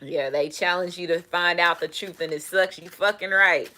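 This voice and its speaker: A woman doing a casual tarot reading, talking in an animated, profane way. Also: fairly low pitch, normal speed. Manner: animated, profane, laughing asides. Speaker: tarot reader.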